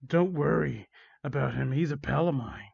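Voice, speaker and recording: A man's voice: medium pitch, normal speed, creaky, a little mellow, husky, no echo, dull audio. A man doing a smirking hedgehog villain. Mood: taunting.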